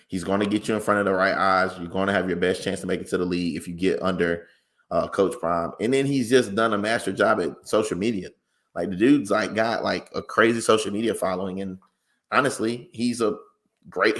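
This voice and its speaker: A tired man co-hosting a casual sports talk show, talking in a measured, conversational way. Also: on the low side, a bit bright.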